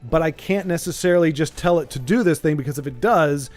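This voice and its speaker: Chatty streamer host, music behind. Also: male voice, a little high. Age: adult with a young child. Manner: rambling, animated, does quick silly voices. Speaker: streamer hosting an interview. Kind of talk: casual chat.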